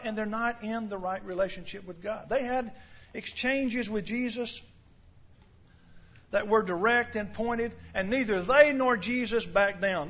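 A man's voice: very high voice, a bit bright, lo-fi sound. A man preaching a sermon in an earnest, questioning way, often repeating words as he starts a sentence.

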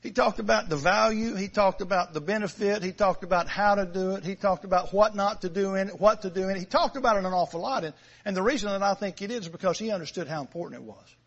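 High-voiced preacher man, lo-fi sound. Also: fast, vocal fry. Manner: emphatic, repeats phrases, stresses key words. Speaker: pastor. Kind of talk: sermon. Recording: dull lo-fi sound.

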